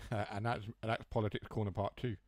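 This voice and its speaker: In a low, darkish voice, a young train sim streamer from near Mansfield, England rambles through jokey asides during a casual gaming stream. His broad Huthwaite, Nottinghamshire accent drops H's and T's. The recording is dry and close, with no surrounding room sound.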